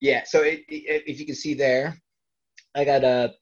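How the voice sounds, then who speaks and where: A man's voice: mid-range voice, flat delivery, moderate pace. Profane self-deprecating male wrestler, dull audio. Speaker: professional wrestler. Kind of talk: casual storytelling interview.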